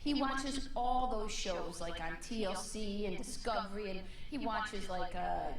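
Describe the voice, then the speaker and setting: A woman stand-up comedian from the United States, telling exasperated stories with sharp, punchy asides. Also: medium pitch, unhurried, echoey room. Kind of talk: stand-up routine.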